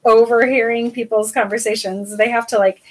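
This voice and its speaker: A young woman co-hosting a podcast, chatting casually in an expressive, dramatic way and laughing often. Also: on the high side, normal speed. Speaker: podcast co-host. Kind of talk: casual chat.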